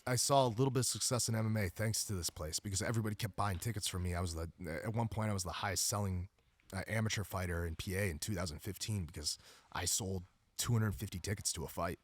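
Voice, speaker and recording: A man's voice: low-pitched, quick pace, dry recording. A man speaking as a podcast guest in casual conversation, earnest and open, often restarting his sentences. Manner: earnest, frequent restarts and fillers. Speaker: podcast guest, jiujitsu instructor.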